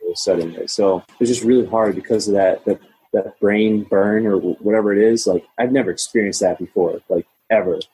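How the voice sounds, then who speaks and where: A man's voice: fairly low pitch, fairly even intonation, fairly quick, warm tone, breathy edge, poor audio. A young man talking casually as a podcast guest, rambling with many fillers and restarts. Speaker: podcast guest, Mandarin learner. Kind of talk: casual conversation.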